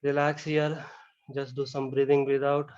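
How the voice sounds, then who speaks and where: A man leading a guided yoga relaxation, talking slowly and calmly with many "you know"s. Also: medium pitch, lo-fi sound. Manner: slow, calm step-by-step guidance with frequent "you know". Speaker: yoga instructor. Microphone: camera mic.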